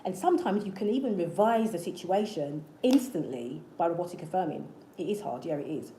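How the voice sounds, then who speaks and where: A woman talks straight to her viewers in an earnest, coaching way, circling back over the same points again and again. Her voice is fairly low and mellow. She sounds like she is in an echoey room, with faint ambient noise underneath. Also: expressive, fairly quick. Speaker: manifestation channel host. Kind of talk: casual motivational talk to camera.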